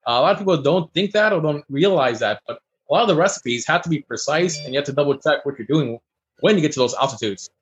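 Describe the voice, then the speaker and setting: A man who is a chef, chatting casually as a guest and telling stories in a fast, animated way. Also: a little high, lo-fi sound. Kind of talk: casual chat.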